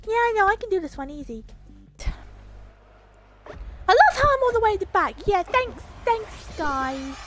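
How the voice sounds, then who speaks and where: Woman doing a squeaky jittery cartoon animal. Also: normal speed, pauses often, over music. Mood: frantic. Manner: excitable, shrieks when losing. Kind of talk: fan voice role-play over gameplay.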